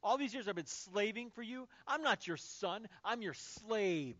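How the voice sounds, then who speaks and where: A man voicing a bitter, resentful older brother who complains loudly and indignantly. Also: sits high, lively intonation, measured pace, dry recording, muffled recording.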